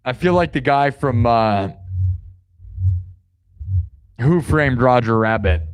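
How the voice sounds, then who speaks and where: A man hosting a live stream, rambling and joking as he answers his chat. His voice sits at an ordinary middle pitch, loose and playful. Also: lively intonation, moderate pace, smooth. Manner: jokey, rambling, talks to chat. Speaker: live stream host and improv musician.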